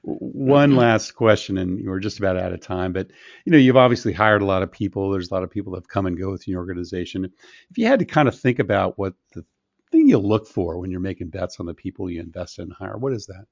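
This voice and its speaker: A male podcast host with a very deep, gravelly voice asks his question with brief, encouraging responses. The sound is dry and a bit dull. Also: animated, fast, dry recording. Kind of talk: interviewing. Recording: dry, lo-fi audio.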